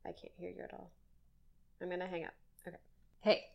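A woman co-hosting a casual podcast over a remote call. She talks in an easygoing way with dry little asides, her voice sitting a bit low. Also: monotone, brisk, vocal fry, lo-fi sound. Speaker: podcast co-host. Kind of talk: casual chat.

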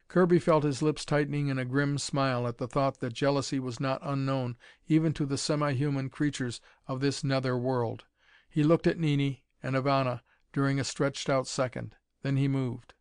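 A man narrating an adventure novel as an audiobook in a steady, measured storytelling manner. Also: mid-range voice, clear, resonant tone, no echo, studio quality.

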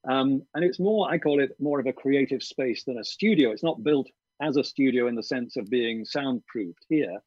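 This is a video-call interview with a man who narrates audiobooks, recorded in his garden studio shed. His mid-range voice is breathy, husky and expressive with a slightly dark tone, and he works through ideas hesitantly, with many ums and restarts. The feed sounds dry and lo-fi, without echo.

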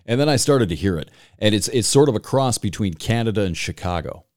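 A podcast host with a Michigan accent, chatting casually and telling rambling stories with plenty of swearing. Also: male voice, lowish voice, animated, fairly quick, a little mellow, no room sound, clean studio sound. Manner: profane, rambling, storytelling. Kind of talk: casual chat.

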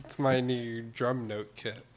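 A man's voice: mid-range voice, level tone, takes it slowly, very noisy. A man guesting on a podcast, chatting casually and hesitantly between giggles. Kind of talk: casual chat.

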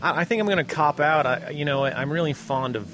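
A man's voice: fairly high pitch, brisk, noisy background. A man on a casual podcast, talking in a laid-back joking way. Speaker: podcast co-host.

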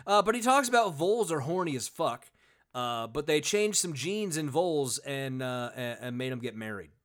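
A man's voice: a little high, lively intonation, moderate pace, fairly bright tone. A man co-hosting a podcast, chatting casually and reading book passages aloud with sardonic asides. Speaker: podcast co-host.

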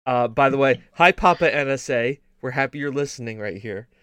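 A man co-hosting a casual gaming stream show, rambling and riffing in deadpan mock-spy bits. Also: mid-range voice, fairly quick, smooth, no room sound. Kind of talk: casual joking chat.

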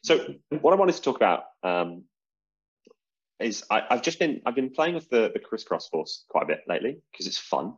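A man's voice: medium pitch, big pitch swings, moderate pace, slightly rough. A British man hosting a podcast, chatting casually about magic in a rambling, self-mocking way. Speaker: podcast host. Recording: dull lo-fi sound.

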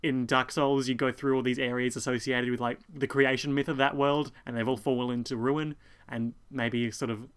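A man's voice: medium pitch, little pitch movement, moderate pace, clear, resonant tone. A man co-hosting a casual podcast, recapping an anime episode in a rambling, self-deprecating way. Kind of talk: casual chat.

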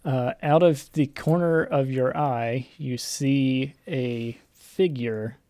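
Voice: mid-range voice, slow, warm tone, no room sound. Hesitant game master, dry sound. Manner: hesitant, many ums. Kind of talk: narrating a tabletop horror game.

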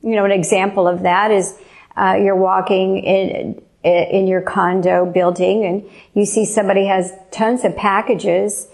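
Female preacher, gravelly edge, earnest testimony delivery. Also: medium pitch, level tone, darkish tone. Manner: earnest, slow and emphatic. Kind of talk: testimony sermon.

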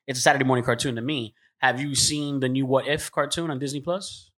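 A man hosting a casual convention chat, playful and joking, quick to laugh. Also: mid-range voice, steady tone, a bit bright. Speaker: convention panel host.

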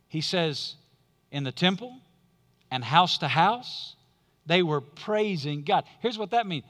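Pastor guy preaching, very high bright voice, big echoey church sound. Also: lively intonation. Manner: emphatic preaching with dramatic pauses. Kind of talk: sermon. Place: church sanctuary. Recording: long reverb of a large hall.

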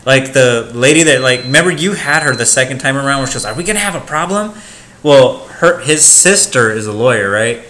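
Young guy on a podcast, bright forceful voice, swears a lot, animated storytelling, faint hiss. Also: medium pitch, brisk, few pauses. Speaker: podcast co-host. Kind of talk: casual chat.

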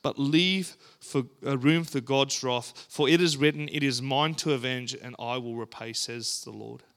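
A man preaching a sermon and reading scripture aloud, earnest and deliberate, with dramatic pauses and emphatic rises. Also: mid-range voice, a bit bright.

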